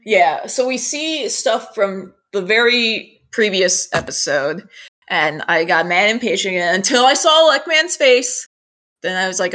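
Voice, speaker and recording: Young woman, casual podcast co-host, animated, laughing, swears freely. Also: mid-range voice, unhurried. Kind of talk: casual anime recap chat.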